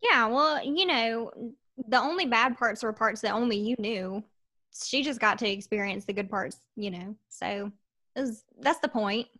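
A woman's voice: on the high side, normal speed, sharp tone. Southern woman chatting on a video call. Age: young adult. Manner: laughs often, gives encouraging replies. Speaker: podcast guest. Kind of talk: casual video call chat.

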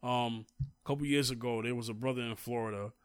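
A man's voice: mid-range voice, fairly even intonation, brisk, no echo, clean studio sound. A man co-hosting a casual talk, recounting a story at length and growing emphatic as he goes. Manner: storytelling, grows heated and emphatic. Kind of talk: casual conversation.

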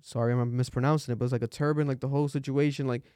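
A man hosting a podcast, talking through the news casually, animated and swearing, jumping up high when he quotes people. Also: very fast, smooth, no echo, studio quality. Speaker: podcast host.

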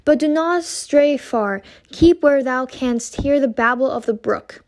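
A woman reading a classic novel voices a tired, protective mother. She speaks low and hushed, with an edge of impatience, in a fairly high voice. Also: unhurried. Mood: weary. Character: weary, protective mother, Hester.

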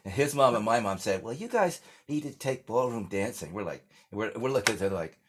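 This interview guest, an older singer-songwriter from the United States, speaks fairly quickly in a lowish, expressive, slightly rough voice. His storytelling wanders, full of restarts and filler words, in a relaxed conversational mood.

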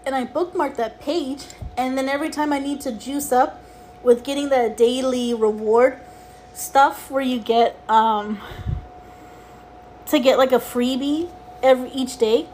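A woman's voice: sits high, measured pace, darkish tone, a little hiss or hum. A woman hosting her own podcast, rambling casually about mobile games, cursing freely, with exasperated asides. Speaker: podcast host.

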